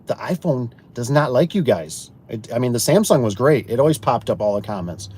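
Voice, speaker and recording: A garage door installer and business owner chatting to viewers, rambling through folksy work stories and acting out both sides of conversations. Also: male voice, mid-range voice, lively intonation, fairly quick, a little mellow, slightly rough. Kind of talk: casual storytelling to viewers.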